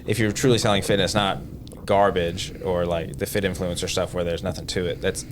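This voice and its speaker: Very low voiced guy, blunt gym owner on a podcast, lots of hiss behind him. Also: fairly even intonation, brisk. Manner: blunt, emphatic, speaks from experience. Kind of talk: casual podcast chat. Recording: noticeable background noise.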